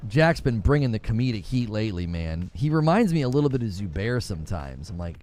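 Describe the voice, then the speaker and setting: A man's voice: lowish voice, big pitch swings, fairly quick, darkish tone. A man, hosting a gaming livestream, joking with his chat and laughing often. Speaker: gaming channel host.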